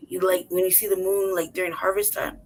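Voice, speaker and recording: Brisk and lowish in pitch, a city-raised podcast co-host tells a story in casual, profane chat, laughing often and animatedly acting out what people said. Audio is poor, with slight background noise.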